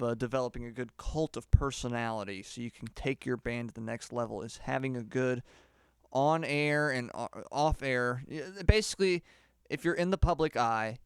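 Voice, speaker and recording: A man giving a deadpan mock singing lesson, rambling and halting with lots of filler words. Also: medium pitch, smooth, no echo, clean studio sound. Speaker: comedy mock singing teacher.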